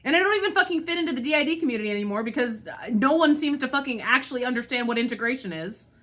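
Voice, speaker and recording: A woman's voice: high-pitched, expressive, rapid-fire, fairly bright tone. A woman venting her frustration in a monologue, swearing often and sighing between thoughts. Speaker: spiritual channel host. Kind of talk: emotional monologue vent.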